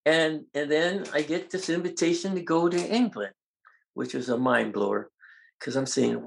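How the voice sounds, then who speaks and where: An older man, a guest in an interview, telling animated stories and acting out the voices of people in them. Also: fairly high pitch, normal speed, gravelly. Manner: animated, acts out quoted voices. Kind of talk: storytelling in an interview.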